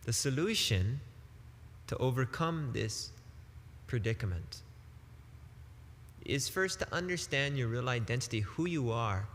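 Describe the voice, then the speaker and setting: A man giving a devotional sermon as a spiritual teacher, emphatic and deliberate, with casual turns of phrase. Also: mid-range voice, expressive, fairly bright tone, in a large hall, slight background noise.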